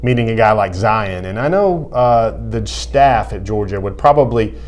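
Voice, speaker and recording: This college football recruiting reporter has a lowish, slightly mellow voice and talks at a moderate pace with plenty of expression. He lays out his views thoughtfully in sports talk analysis, often leaning on filler words.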